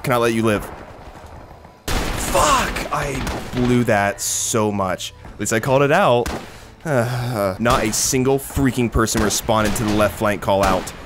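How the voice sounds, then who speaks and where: A young man doing casual, excitable gameplay commentary, rambling, swearing and laughing between remarks. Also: mid-range voice, moderate pace, over music. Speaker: gaming commentator. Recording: noisy with game gunfire behind. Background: gunfire and artillery from the game.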